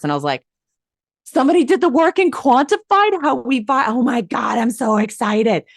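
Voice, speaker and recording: A woman talking as an interview guest, an excitable storyteller who acts out her own reactions. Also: medium pitch, no echo, clean studio sound. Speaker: hypnosis coach, interview guest. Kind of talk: animated interview conversation.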